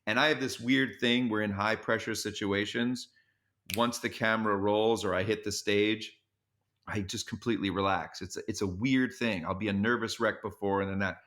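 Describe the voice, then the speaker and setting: A male comedian with a bright, forceful voice tells stories as a podcast guest. He talks in an animated way. He stumbles and repeats words as he goes. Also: fairly low pitch. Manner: animated, quick restarts and repeats. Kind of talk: podcast interview storytelling.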